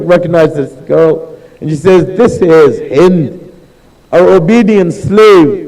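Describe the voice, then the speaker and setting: Male preacher, high dark-toned voice, storytelling sermon. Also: a little slow, big-room sound, poor audio. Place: mosque hall.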